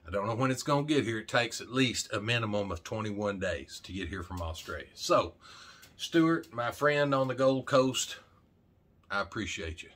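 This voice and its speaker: A middle-aged man from Arkansas, USA, hosts his own vlog, rambling casually in a folksy, jokey way and talking straight to camera with a lot of "man." His voice is fairly low in pitch, animated, a bit bright, and at normal speed.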